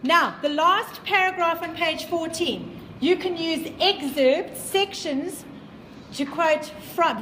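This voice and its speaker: A woman's voice: high-pitched, lively intonation, a little slow, fairly bright tone, echoey room, slight background noise, poor audio. A woman with a South African accent who teaches a class in an emphatic way, repeating her points and quizzing her students. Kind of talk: classroom lecture.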